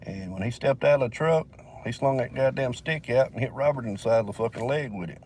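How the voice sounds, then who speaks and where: A man's voice: mid-range voice, a little fast, darkish tone, slight background noise. A man from Alabama with a Southern accent, telling a long story in a casual vlog, swearing heavily and rambling with fillers, recorded in a vehicle.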